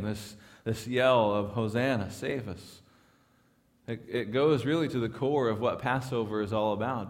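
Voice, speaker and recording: A man's voice: medium pitch, long reverb tail. A man preaching a sermon as pastor, speaking emphatically and often restarting his phrases. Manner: emphatic, repeats words when restarting. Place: church sanctuary.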